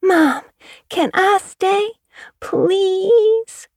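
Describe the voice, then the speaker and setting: A woman reading an audiobook, voicing an excitable young girl who pleads and wails. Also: extremely high pitch, drawn-out words, dry recording, clean studio sound, pitched above the performer's own voice, exaggerated voice. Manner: pleading, wailing.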